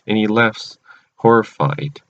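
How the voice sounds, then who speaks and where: A man's voice: on the low side, lively intonation, slow pace, fairly bright tone. A man casually recapping a cartoon episode, rambling with many restarts. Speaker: channel host. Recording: dull lo-fi recording.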